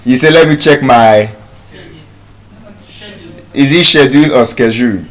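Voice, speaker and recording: A man with a Nigerian English accent giving a live pronunciation lesson to an audience, repeating each word slowly to drill it. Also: mid-range voice. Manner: deliberate, drills words by repeating them slowly. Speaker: pronunciation teacher. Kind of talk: live public speaking lesson.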